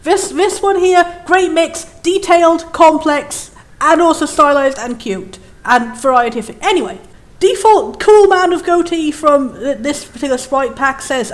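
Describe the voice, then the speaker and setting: A young woman giving chatty, enthusiastic and opinionated commentary as she plays a game. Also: high voice. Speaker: let's play host.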